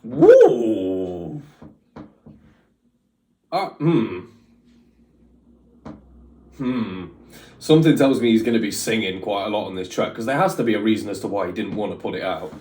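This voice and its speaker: A man's voice: lowish voice, quick pace, a little mellow. A man hosting a reaction video, chatting casually and giving opinions in a rambling way with lots of fillers. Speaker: reaction channel host. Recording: roomy echo, mic at a distance, faint music.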